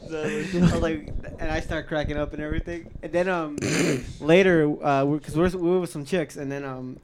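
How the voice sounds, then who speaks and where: A man's voice: fairly high pitch, fairly even intonation, normal speed, a little hiss or hum. A young man telling a rambling story on a casual podcast, often laughing. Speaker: podcast co-host. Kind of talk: casual storytelling among friends.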